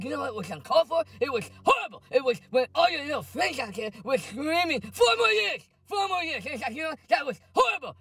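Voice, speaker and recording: A man's voice: very high-pitched, gravelly, pushed and bright, husky, no room sound, clean studio sound, recorded from a distance, exaggerated voice. A man voicing a drunk, indignant older female politician who rambles and keeps repeating "it's like" and "okay". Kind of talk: comedic parody rant.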